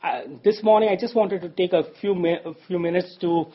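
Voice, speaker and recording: A man's voice: sits high, fairly even intonation, fairly quick, highs cut off. A man preaching a conversational sermon in church, reading scripture and telling anecdotes. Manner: conversational, with frequent fillers and restarts.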